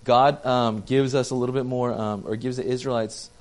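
A man's voice: medium pitch, fairly even intonation, normal speed. Joking, chatty young pastor, a man. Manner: chatty, self-deprecating, talks with the audience. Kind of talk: casual sermon to a small congregation.

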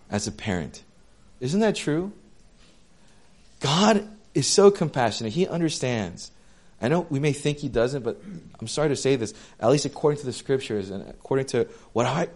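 A young man preaching a sermon in a conversational, animated way, full of casual slang and asides. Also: medium pitch. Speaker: pastor.

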